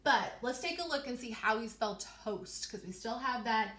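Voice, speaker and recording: A young woman teaching a reading lesson to young children, slowly stretching out letter sounds and praising them often. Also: a little high, expressive, a bit bright. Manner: encouraging, repeats words for children. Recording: echoey room.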